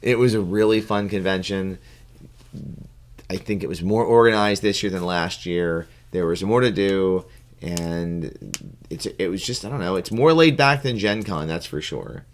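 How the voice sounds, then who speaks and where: Male podcast co-host, very low voice, loose rambling delivery. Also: a little slow. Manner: rambling, full of fillers and restarts. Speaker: podcast co-host and game judge. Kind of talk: casual podcast chat.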